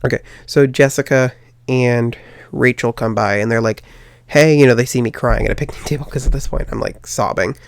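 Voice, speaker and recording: A man's voice: mid-range voice, a little fast, vocal fry, no echo, studio quality. A young man hosting a podcast, telling a personal story in a rambling way, with many fillers and restarts. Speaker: podcast host.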